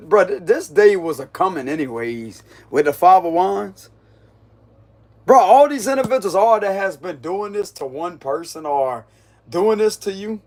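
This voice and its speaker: A man giving a casual, mocking tarot reading, full of slang and frequent laughter. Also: sits high. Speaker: tarot reader.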